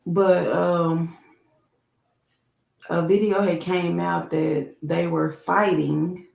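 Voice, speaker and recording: A woman co-hosting a podcast, telling a story in casual chat with a laid-back, low-key delivery. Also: little pitch movement, very slow, vocal fry, a little mellow, reverberant, rough recording. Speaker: podcast co-host.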